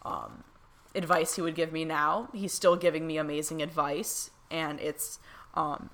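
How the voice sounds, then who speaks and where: Young woman vlogger, casual and gushing, bright tone, slightly low pitch. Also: a little slow. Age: young adult. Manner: excited, gushing, many fillers. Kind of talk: casual storytelling to camera.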